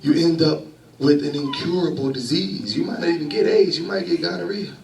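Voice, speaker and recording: In a church, a man in his thirties preaches a sermon to the congregation conversationally and with humor, drawing laughter and call-and-response. His voice is fairly high, fairly quick, and creaky. The sound is roomy and rough, from a distant mic.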